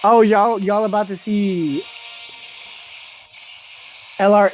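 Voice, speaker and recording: A woman giving excitable live commentary on a mobile game, laughing often and talking straight to her viewers. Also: mid-range voice, slow, soft background music. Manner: chatty, addresses viewers as y'all.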